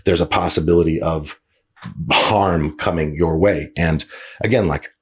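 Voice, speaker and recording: A man's voice: deep voice, unhurried, husky. A man hosting a podcast, telling a story casually with lots of fillers, restarts and swearing. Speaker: podcast host.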